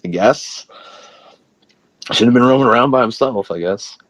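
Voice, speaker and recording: A man's voice: medium pitch, moderate pace, crowd noise. A man, a wrestler guest, telling long rambling stories full of "like" in a casual interview. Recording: slightly muffled dry audio.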